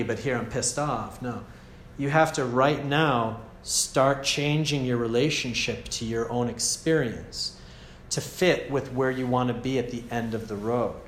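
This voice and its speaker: A man with an American accent giving a gentle, casual meditation teaching at a retreat, often checking in with "yeah?". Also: medium pitch, moderate pace, slight background noise. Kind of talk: relaxed meditation talk. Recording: echoey room, faint ambience.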